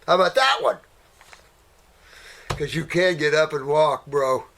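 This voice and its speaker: A man's voice: fairly high pitch, unhurried, creaky, long pauses, fairly bright tone, slight background noise. An older man in a casual question-and-answer talk, rambling and folksy, calling people honey and sweetheart and trailing off as he searches for words. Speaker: naturopath answering viewer questions. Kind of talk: casual Q&A commentary.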